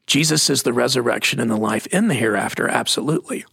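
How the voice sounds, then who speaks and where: A man co-hosting a faith talk, telling stories in a casual, emphatic preaching manner with a gravelly voice. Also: mid-range voice, quick pace, fairly bright tone, no room sound, clean studio sound. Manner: storytelling, emphatic.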